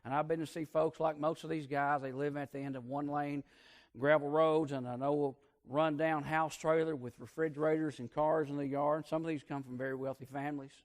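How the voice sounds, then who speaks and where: A man preaching a sermon as pastor, telling folksy stories and swinging between loud emphatic peaks and hushed asides. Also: on the high side, little pitch movement, a little fast.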